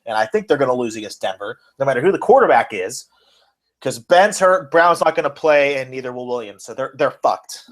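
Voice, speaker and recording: A man co-hosting a casual wrestling and sports podcast, excitable and rambling, swearing as he goes. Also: medium pitch, a little fast. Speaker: podcast co-host. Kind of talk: casual chat.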